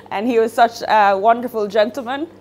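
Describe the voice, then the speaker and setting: A woman giving a memorial eulogy, emotional and halting, with small laughs between sentences. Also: on the high side, a little mellow, slight background noise. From Jamaica. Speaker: eulogy speaker.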